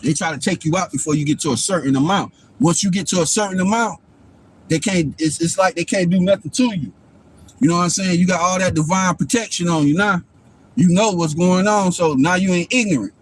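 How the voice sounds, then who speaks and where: A man's voice: high-pitched, brisk. A man, a father, talking in a rambling, profane and preachy way on his livestream, often asking if you follow him. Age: adult father. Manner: profane, preachy, keeps asking "you know what I'm saying". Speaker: livestream host. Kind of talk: rambling casual monologue.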